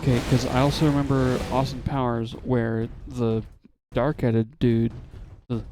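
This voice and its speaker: A man's voice: medium pitch, level tone, measured pace, hardly any pauses, darkish tone, a little hiss or hum. A man streaming a game, chatting casually, rambling and laughing, with some swearing. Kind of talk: casual gaming chat. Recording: game music behind.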